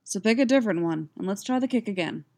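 A gruff grown man who coaches a martial arts class , read by a woman narrator, curt and grumbling. He speaks in short, impatient bursts. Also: mid-range voice, animated, fast talker, dark tone.

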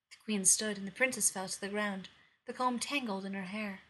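A woman reading a fairy tale aloud in an even, measured storytelling voice. Her tone is bright and clear-edged yet husky underneath. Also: mid-range voice, low-quality recording. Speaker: narrator.

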